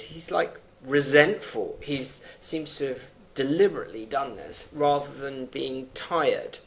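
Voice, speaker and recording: A man's voice: fairly high pitch, a bit bright. A man teaching, explaining a poem line by line and thinking aloud with fillers between readings, over faint background noise.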